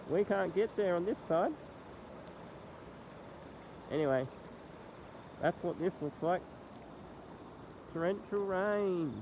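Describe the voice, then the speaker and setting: A man with an Australian accent and a nasal, congested voice, rambling through a casual phone vlog outdoors beside a flooded road. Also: high-pitched. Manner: rambling, halting commentary. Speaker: vlogger. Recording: tinny, lo-fi phone audio with faint noise.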